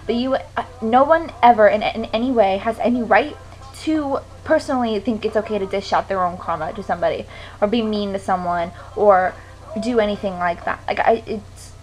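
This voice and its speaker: A woman's voice: medium pitch, low-quality recording. A teenage girl venting to camera in a frustrated, swearing rant. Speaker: vlogger. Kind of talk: ranting to camera.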